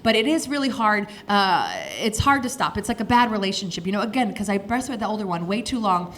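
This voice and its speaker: A woman's voice: medium pitch, brisk, fairly bright tone, slight background noise. A woman in her thirties doing a frank, chatty stand-up set on a comedy stage, working the crowd. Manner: chatty, frank, self-mocking.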